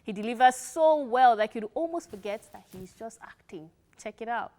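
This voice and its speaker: A woman's voice: a little high, animated, moderate pace, a little mellow, soft background music. A Nigerian woman co-hosting a TV entertainment show, bantering in a chatty way and laughing often. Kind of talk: lively studio banter.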